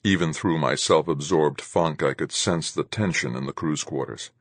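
A man narrating a novel in the first person with a measured, steady delivery. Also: rumbling low, no echo. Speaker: audiobook narrator.

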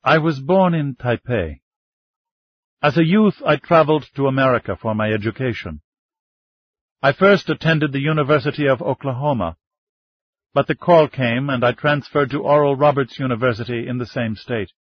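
A man reading a calm, dignified older minister. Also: mid-range voice, moderate pace, slightly rough, no room sound, lightly acted. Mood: measured. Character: dignified male Chinese Baptist minister in his fifties, calm. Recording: dull lo-fi dry recording.

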